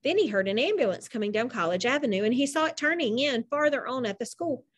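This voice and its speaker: Woman narrator, children's book reading, high voice, lively and animated delivery. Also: fast talker. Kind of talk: storybook reading aloud.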